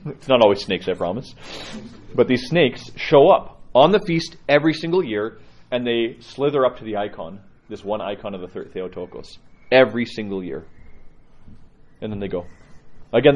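Priest, male, low voice, informal sermon storytelling with frequent restarts, dull lo-fi recording. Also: a little mellow. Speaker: Orthodox priest.

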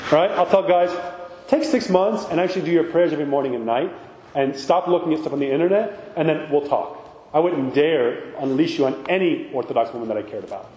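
A man's voice: a little high, animated, brisk, darkish tone, slight background noise. A man, an Orthodox priest, giving an informal sermon talk, conversational and full of rhetorical asides. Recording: echoey hall with long reverb.

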